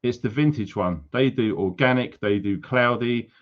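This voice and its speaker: Male livestream host, mid-pitched, jokey and teasing, slightly muffled lo-fi audio. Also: normal speed. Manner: jokey, teasing banter with viewers. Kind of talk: casual livestream chat.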